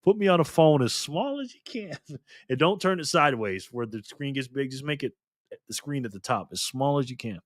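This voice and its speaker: Male stream host, mid-pitched, loose and chatty, laughs a lot, dry close sound. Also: lively intonation, brisk, no room sound. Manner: chatty, laughs often, reads viewer comments aloud. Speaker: livestream host. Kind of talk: casual livestream chat.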